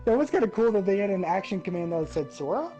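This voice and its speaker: A woman's voice: mid-range voice, quick pace, muffled recording, faint music behind. A woman ranting about a game in casual chat, swearing freely and getting worked up. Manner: profane, ranting, animated. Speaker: gaming podcast host.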